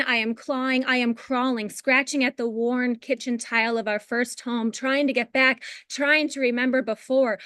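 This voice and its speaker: A woman in her thirties, a poet, chatting brightly and then reading her poems over a video call. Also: a little high, clear, resonant tone, no room sound, studio quality. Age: 30s.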